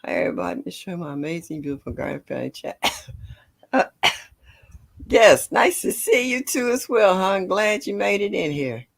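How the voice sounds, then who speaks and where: An older woman hosting a casual gardening livestream, greeting viewers by name and chatting warmly. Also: medium pitch, very animated, moderate pace, gravelly. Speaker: livestream host.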